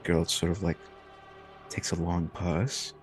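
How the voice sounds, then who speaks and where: A man's voice: sits low, fairly even intonation, measured pace, faint music behind. A man narrating a tabletop game as game master, in a loose, rambling way full of fillers.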